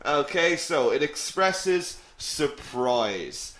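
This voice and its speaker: Lively male English teacher, echoey room. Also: a little high, very slow. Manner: lively, animated explaining with many "okay?" checks; apologetic, self-mocking asides. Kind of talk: live online English lesson.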